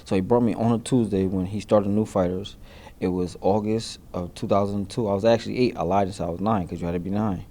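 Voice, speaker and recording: A man in his thirties answering interview questions reflectively, halting and searching for words with many fillers. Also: fairly low pitch, steady tone, mellow. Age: 30s. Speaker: interviewee in a news feature.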